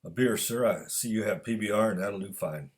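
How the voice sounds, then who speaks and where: A man's voice: lowish voice, a little fast, natural voice. A man voicing an earnest hotel detective.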